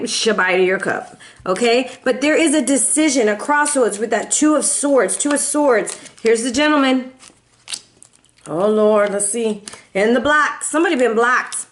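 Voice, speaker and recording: A woman giving a casual, chatty tarot reading, playful and animated, who slips into quoted voices and bits of song. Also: on the high side, a little slow. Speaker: tarot reader.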